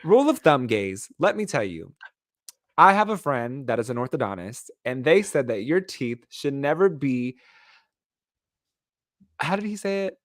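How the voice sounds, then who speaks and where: A man co-hosting a podcast in casual chat, animated and laughing as he hands out cheeky advice. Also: medium pitch, measured pace, long pauses, no echo, clean studio sound. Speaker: podcast co-host.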